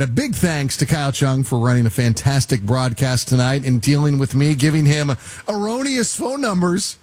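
A man's voice: normal speed, a little mellow. A man, a sports radio host chatting casually as he wraps up his show, a little nasal in tone. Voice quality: nasally deep voice. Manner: chatty, self-deprecating, plugging.

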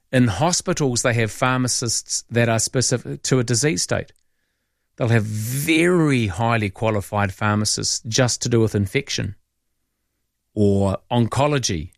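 A middle-aged man hosting talkback radio, opinionated and animated, taking callers. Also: medium pitch, vocal fry, no echo, clean studio sound. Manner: opinionated, animated, mock-voices people. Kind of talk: casual talkback chat.

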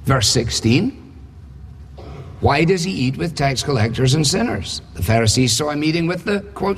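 A man's voice: mid-range voice, expressive, normal speed, a little hiss or hum. A man preaching a sermon, emphatic, with rhetorical questions and dry humor. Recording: husky voice in reverberant hall.

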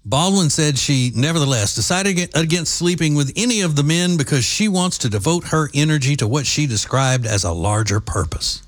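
A man's voice: fairly high pitch, expressive, moderate pace, few pauses. A man hosting an opinion commentary show, sarcastic and scornful in his asides. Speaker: political commentator.

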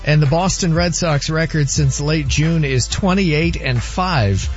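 Brisk man reading sports scores. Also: a little high, highs cut off, soft background music. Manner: brisk, factual delivery. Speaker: sports update anchor.

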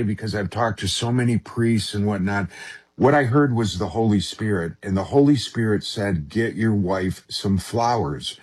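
Speaking as a guest in an interview, he shares something personal in an earnest, halting manner, frequently starting over. The voice is fairly low and husky.

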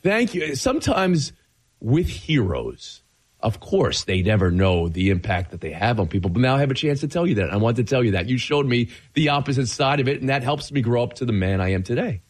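Excitable male radio host, voice cracking. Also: medium pitch, brisk. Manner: excitable, gushing, laughs easily. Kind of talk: sports talk radio.

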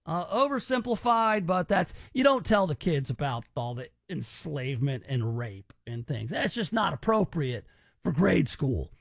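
A male radio host with a fairly high voice, joking and teasing his caller through a call-in game. The sound is dry and close, with no room around him, and he keeps the banter lively. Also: unhurried, gravelly, no room sound.

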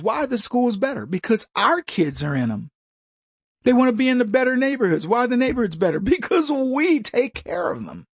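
An American man with a high, husky voice delivers a forceful opinion monologue. He trips over his words and restarts his sentences, and breaks into mocking voices. The sound is close and dry, with no room around it. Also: no room sound. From United States. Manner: emphatic, stumbling restarts, mocking voices for others.

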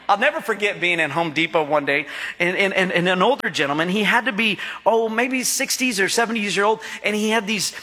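This middle-aged man delivers a sermon as pastor, his high voice brisk, bright, and forceful. Playful with the congregation, he keeps prompting them to answer, and the hall echoes.

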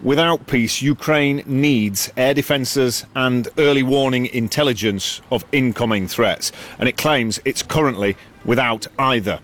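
A male news correspondent reporting from outside a damaged apartment block in a measured, sober way. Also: medium pitch, fairly bright tone.

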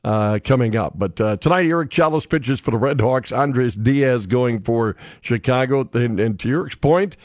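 A man's voice: mid-range voice, moderate pace, hardly any pauses, a little mellow, no room sound. A middle-aged man, hosting sports radio and chatting loosely through scores with lots of "uh" fillers. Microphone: studio microphone. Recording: dull, dry studio radio sound.

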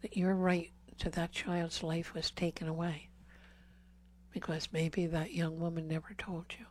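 Slow, earnest and flat in tone, a woman with a voice on the low side speaks at a healing service, giving a Catholic talk to the gathered congregation. She pleads by repeating questions and lowers to a whisper for key words.

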